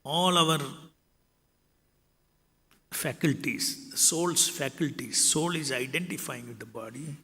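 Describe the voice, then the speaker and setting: A man giving a scripture lecture in a measured way, reciting Sanskrit verses between his explanations. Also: on the high side, pushed and bright. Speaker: spiritual lecturer. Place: temple lecture hall. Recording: long reverb of a hall.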